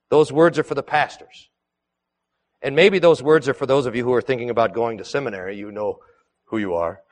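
A male pastor preaching a sermon in a church, earnest and emphatic, swinging between strong declarations and soft, quiet lines. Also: on the high side, in a large hall. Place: church sanctuary.

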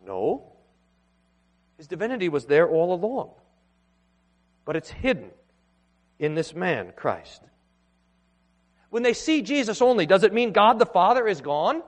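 A man preaching a sermon in a church, earnest and emphatic, with pauses and restarts. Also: high-pitched, big pitch swings. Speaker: pastor. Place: church sanctuary. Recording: long hall reverb.

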